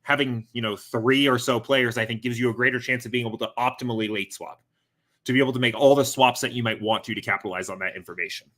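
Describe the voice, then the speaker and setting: A man's voice: mid-range voice, steady tone, quick pace, a bit bright. A man hosting a casual live-stream Q&A from home, a little out of breath, rambling with lots of fillers and self-corrections. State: slightly out of breath. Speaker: host of a fantasy sports Q&A stream.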